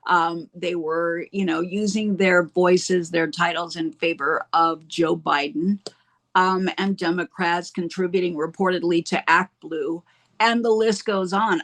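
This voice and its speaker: An American woman giving blunt, indignant commentary as a guest, with frequent fillers. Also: on the low side. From United States. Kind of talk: opinionated commentary.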